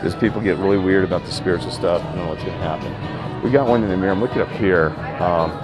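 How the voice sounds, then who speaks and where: A man vlogging a rambling personal story about spirits, emphatic and jumping up in pitch when he quotes himself. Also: quick pace, over music. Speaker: paranormal vlogger.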